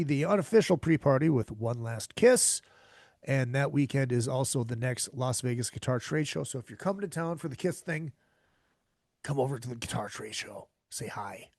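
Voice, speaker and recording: A Minnesota man hosts his own podcast from home, opening the show with a casual, chatty intro that rambles loosely, full of fillers and restarts. His medium-pitched voice is a little mellow, with studio-quality sound and no echo.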